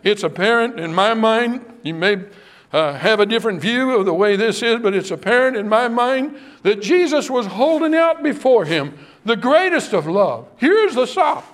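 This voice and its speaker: With a very high voice, a man delivers an impassioned evening sermon, pleading with listeners and addressing them directly. He moves from hushed passages to raised ones.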